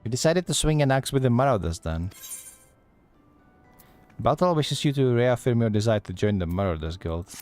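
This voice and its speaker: A man's voice: medium pitch, lively intonation, normal speed, pauses often, darkish tone, soft background music, lightly acted. Man putting on a Scottish-accented lady pirate recruiter. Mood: yarn-spinning. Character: female pirate-like guild receptionist, gruff and teasing. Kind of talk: reading game dialogue aloud.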